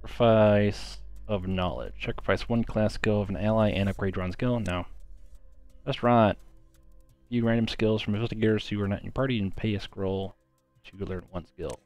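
A man talks through a video game in a casual let's-play, reading out options and murmuring choices half to himself. His voice sits a bit low. Faint game music plays underneath. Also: moderate pace, darkish tone, no echo. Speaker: gaming commentator.

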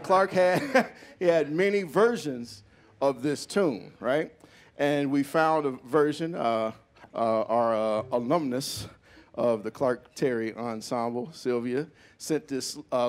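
A man on a jazz club stage, leading the audience in a call-and-response with playful, folksy banter and short sung snippets. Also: a little high. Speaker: bandleader leading audience participation. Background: live jazz band.

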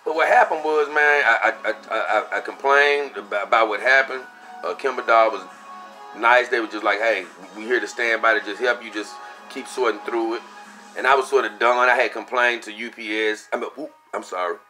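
Man, young adult, bright forceful voice, casual profane storytelling, faint music behind. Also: mid-range voice, brisk. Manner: animated, profane, acts out his own quotes. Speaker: vlogger.

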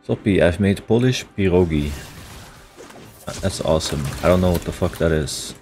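A man's voice: deep voice, animated, normal speed, darkish tone, faint music behind. A young man with a Dutch accent streaming a game, chatting casually, reading chat aloud and swearing freely.

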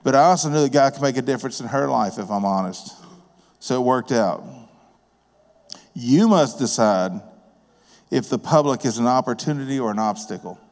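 Folksy preacher in a reverberant church. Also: male voice, medium pitch, quick pace. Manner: folksy, conversational, plain-spoken. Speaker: guest preacher and business owner. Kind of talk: sermon with personal storytelling. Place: church sanctuary. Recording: long reverb of a church hall.

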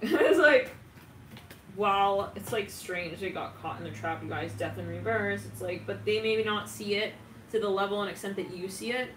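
A woman reads tarot in a loose, animated way, laughing and tossing in the odd curse word. Her voice sits at a middling pitch and sounds set back from the mic. The room rings around her, with a faint hum of ambience underneath. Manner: animated, swears, laughs often, dramatic asides. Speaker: tarot reader. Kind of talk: casual tarot reading monologue. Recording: roomy, distant from mic, faint ambient noise.

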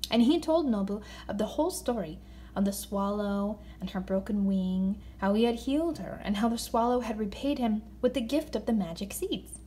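A woman reading a children's story aloud in an expressive voice, slowing down for emphasis. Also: medium pitch. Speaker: narrator.

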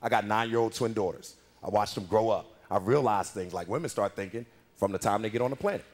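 A male stand-up comedian in his thirties telling profane, animated stories about his daughters on a club stage. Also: on the low side, quick pace. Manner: profane, animated storytelling with voices.

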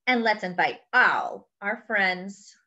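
A woman voicing a playful, excitable young female duck in a storybook read-aloud, with a squealing, bouncy delivery. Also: mid-range voice, slow. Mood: cheerful. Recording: dull lo-fi recording.

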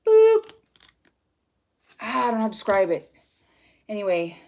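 A woman giving a casual tarot reading, rambling and expressive and swearing freely. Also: mid-range voice, quick pace, gravelly. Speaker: tarot reader.

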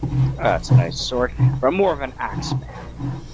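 A man's voice: mid-range voice, big pitch swings, measured pace. A man playing a tabletop game, answering in a laid-back, dry way. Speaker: player. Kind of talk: casual tabletop game play. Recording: noticeable background noise.

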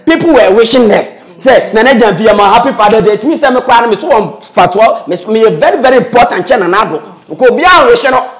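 A man with a Ghanaian accent giving animated political commentary, switching between Twi and English and repeating phrases for emphasis. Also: extremely high pitch, quick pace, soft background music. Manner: mixes Twi and English, repetitive emphatic phrases, laughs while talking.

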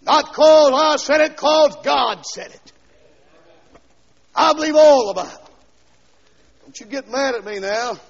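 Preacher man, really high gravelly voice, hollering then going quiet, old lp sound with long church echo. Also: unhurried, long pauses. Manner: swings from quiet asides to shouted, sung-out lines. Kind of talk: fiery revival sermon. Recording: dull 1970s LP recording with long hall echo.

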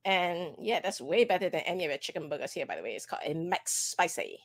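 Woman from Singapore, lively up-and-down voice, teasing, playful co-host. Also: fairly low pitch, fast. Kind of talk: casual chat.

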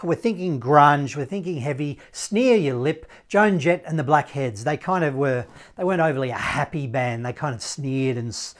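An upbeat man teaching a casual saxophone lesson, playful and singing out the notes. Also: mid-range voice. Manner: upbeat, playful, sings note sounds.

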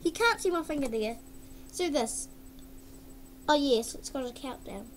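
A woman's voice: high voice, expressive, a little slow, background noise. A woman vlogging casually at her computer, exclaiming, giggling and humming along, recorded through a webcam mic. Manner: giggly, exclaims often, hums and sings along.

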